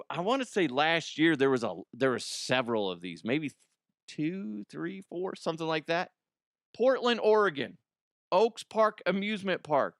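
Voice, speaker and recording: A man's voice: a little high, fairly bright tone, no room sound. Middle-aged guy rambling on his podcast, stuffy nose, swears a lot, dry close sound. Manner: rambling, profane, laughs at own jokes. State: congested with allergies. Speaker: podcast host. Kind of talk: casual comedic monologue.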